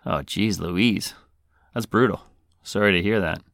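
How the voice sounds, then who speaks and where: A man's voice: sits low, measured pace, creaky, fairly bright tone, no room sound, clean studio sound. A man hosting a podcast, reading out a listener's confession in a playful, casual way. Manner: playful, breaks into singing. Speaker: podcast host.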